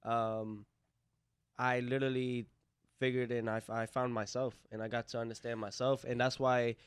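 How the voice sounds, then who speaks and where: A man's voice: medium pitch, little pitch movement, normal speed, smooth, dry recording, studio quality. A young man, a professional boxer, answering interview questions earnestly with lots of "you know". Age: young adult.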